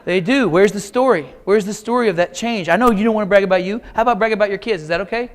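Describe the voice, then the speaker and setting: A man's voice: high-pitched, quick pace. A middle-aged man from Kansas giving a keynote talk, telling folksy jokes and speaking straight to the audience. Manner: folksy, joking, audience-addressing. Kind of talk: motivational keynote storytelling. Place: large auditorium.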